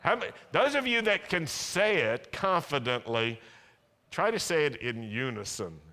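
In a large worship hall with long reverb, a man preaches as pastor and calls on the congregation to respond. His slightly high voice is very animated, bright and forceful, at normal speed.

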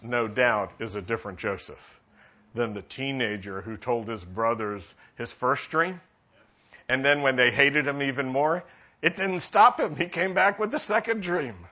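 A man's voice: mid-range voice, bright, forceful tone. A male pastor preaching a sermon and asking the congregation questions to draw them in. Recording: dull lo-fi sermon recording.

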